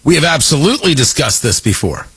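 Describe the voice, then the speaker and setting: A man's voice: a little high, sing-song, fast talker, fairly bright tone, slightly rough. A man delivering an emphatic, sarcastic political commentary monologue, hammering his points through repetition.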